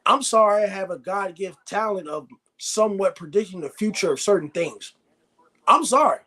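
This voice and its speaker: High-pitched man ranting bluntly. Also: animated, normal speed, pushed and bright. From United States. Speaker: sports show host. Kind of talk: live sports reaction stream.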